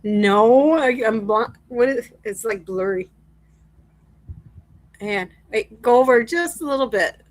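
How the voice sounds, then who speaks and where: A woman's voice: fairly high pitch, takes it slowly, long pauses, low-quality recording. A woman from the American Midwest chatting as a guest on a live stream over a video call, laughing often and acting out quoted conversations. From Midwest US, born in Michigan. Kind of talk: casual chat on a live stream.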